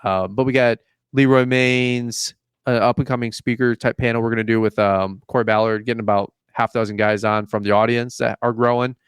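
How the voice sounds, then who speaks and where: Recorded at studio quality with no echo, a man of medium pitch speaks a little fast in a steady, clear, resonant tone. He's a podcast host who tells joking stories, laughs frequently, and plays both parts of conversations.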